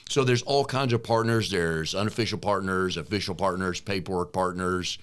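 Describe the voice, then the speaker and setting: A man's voice: low voice, normal speed, smooth. A middle-aged man co-hosting a business coaching podcast in a chatty, joking way. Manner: joking, chatty, relaxed banter. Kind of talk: casual podcast chat.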